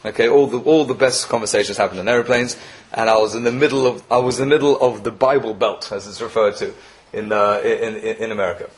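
A man giving a Torah lecture with stories, animated and emphatic, often repeating himself and rising to sharp peaks. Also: on the low side, fast. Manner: animated, rising emphatic peaks, mixes Yiddish and Hebrew terms; frequent self-repetition and restarts. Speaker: Torah teacher.

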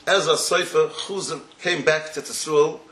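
A man's voice: a little high, moderate pace, fairly bright tone. A man teaching a Torah class, explaining in a digressive way and sprinkling his talk with Yiddish and Hebrew terms. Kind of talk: Torah lecture. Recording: echoey room.

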